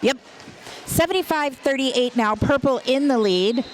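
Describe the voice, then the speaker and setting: A woman's voice: high voice, a little slow, a little hiss or hum. Giggly woman calling a derby bout. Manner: chatty, giggly, playful banter. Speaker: roller derby announcer. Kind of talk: live play-by-play commentary. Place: roller derby venue.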